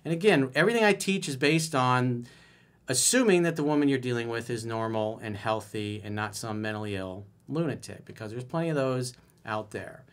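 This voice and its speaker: A man's voice: medium pitch, animated, brisk. A man giving dating advice as a coach in a solo video, reading a viewer's email aloud and commenting on it bluntly and emphatically.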